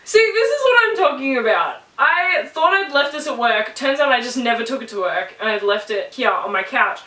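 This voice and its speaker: A woman's voice: on the high side, moderate pace, pushed and bright, far from the mic. A young Australian woman telling a story to camera in a casual vlog, chatty and emotional, laughing often and swearing now and then. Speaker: vlogger. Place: her bedroom, indoors. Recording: echoey room, camera set back.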